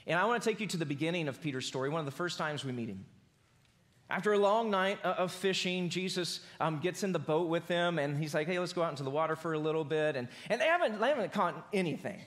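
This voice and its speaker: Pastor, man, casual preaching that swells to emphatic highs, a touch high-pitched. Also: a bit bright. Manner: conversational preaching, builds to emphatic peaks. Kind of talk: sermon. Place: church auditorium.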